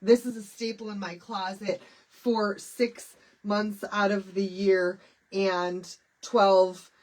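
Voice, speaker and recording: Though stuffy and nasal with a cold, a middle-aged Michigan woman cheerfully chats through her casual craft livestream, calling out viewers by name. She speaks slowly in a medium pitch, with a level, slightly mellow tone.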